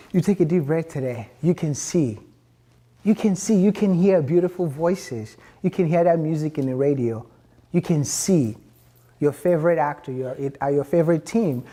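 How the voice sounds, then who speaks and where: A young man in a motivational vlog monologue, upbeat and preachy, who pauses and restarts mid-sentence. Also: a little high, mellow. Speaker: motivational vlogger.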